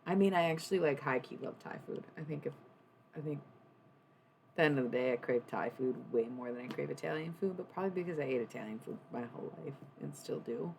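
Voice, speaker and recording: A woman's voice: low-pitched, fast talker, gravelly, darkish tone, slight background noise. A young adult woman chatting casually on a livestream, rambling and swearing freely. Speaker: streamer.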